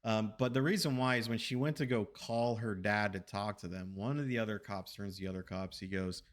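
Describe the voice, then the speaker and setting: Rambling, profane male streamer. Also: lowish voice. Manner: rambling, animated, profane, quick asides to chat. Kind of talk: casual storytelling on a game stream.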